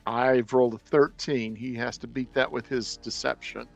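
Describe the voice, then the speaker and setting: Gravelly man, hesitant player. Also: mid-range voice, level tone, moderate pace, faint music behind. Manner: hesitant, many restarts. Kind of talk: tabletop game chat.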